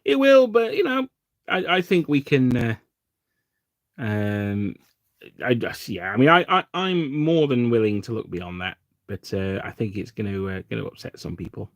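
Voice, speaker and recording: A man's voice: lowish voice, lively intonation, moderate pace, dry recording, clean studio sound. Rambling English man on a livestream. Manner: rambling and self-deprecating, with frequent fillers. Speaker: livestream host. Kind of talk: casual live-stream chat while painting miniatures.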